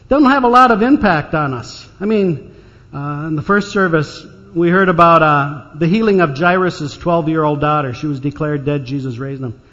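In a reverberant church hall with dull audio, an older pastor tells stories in a folksy sermon, slipping in dry humor. His voice sits a little high and has a fairly bright tone.

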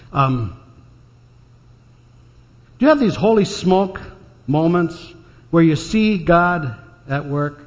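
Folksy pastor in a reverberant hall. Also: male voice, a little high, very animated, slow pace, long pauses. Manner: folksy, anecdotal, with dry jokes. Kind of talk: storytelling sermon. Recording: dull sound in a reverberant church hall.

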